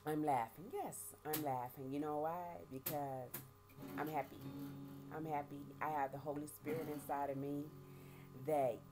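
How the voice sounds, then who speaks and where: A middle-aged woman giving a halting, emotional personal testimony, often repeating words and speaking of her faith. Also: low voice, a little mellow. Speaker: vlogger sharing life after prison.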